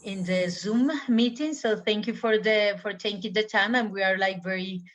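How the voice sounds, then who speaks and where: A woman from Colombia, a co-host, introducing herself in a warm, gentle way that trails off softly. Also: medium pitch, moderate pace. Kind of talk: casual webinar intro. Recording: dull lo-fi call audio.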